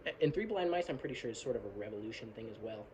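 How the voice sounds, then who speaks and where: A metal fan with a mid-range, slightly mellow voice talks very fast and animatedly in a casual, rambling video shot on his phone camera, analysing song lyrics. He's apologetic, swears casually, and hums riffs and sings bits of lyrics. The audio is poor, with a little hiss or hum.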